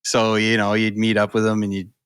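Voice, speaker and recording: A man's voice: lowish voice, completely flat delivery, brisk, fairly bright tone, clean tone, dry recording, studio quality. A man from New Brunswick with a local accent, swapping laid-back anecdotes on a casual podcast. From New Brunswick, Canada. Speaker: podcast co-host. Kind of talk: casual chat.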